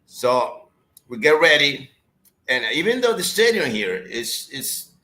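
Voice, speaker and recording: Animated man telling a story. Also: mid-range voice, slow. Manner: animated storyteller, repeats words, calls listener brother. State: hoarse, tired voice. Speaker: guest commentator. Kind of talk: casual chat.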